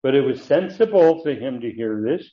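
A man teaching a verse-by-verse Bible study lecture, talking in a halting way with frequent fillers and restarts. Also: mid-range voice, expressive. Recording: tinny phone-like audio.

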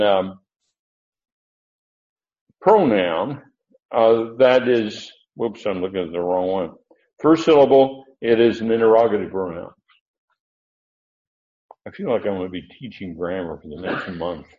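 A man giving informal Bible teaching, rambling and correcting himself as he thinks aloud. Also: fairly low pitch. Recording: echoey, dull lo-fi room recording.

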